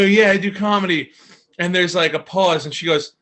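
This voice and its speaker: A man's voice: sits high, a little slow, long pauses. A man co-hosting a podcast, telling a casual anecdote and acting out the people in it. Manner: animated anecdote-telling with acted quotes. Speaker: podcast co-host. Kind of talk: casual storytelling chat.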